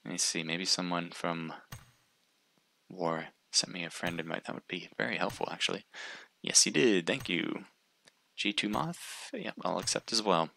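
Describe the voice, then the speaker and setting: A male streamer with a very low, gravelly voice that still has a bright, forceful edge. He chats casually with his viewers, rambling and restarting as he thinks aloud, in a dry, close sound. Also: moderate pace, a little hiss or hum. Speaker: livestream caster.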